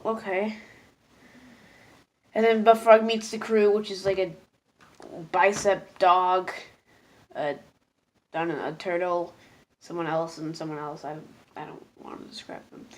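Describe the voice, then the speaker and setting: A woman's voice: fairly low pitch, darkish tone. A woman casually reviewing cartoon episodes, rambling and hesitant, full of fillers, and laughing at herself as she gets easily moved.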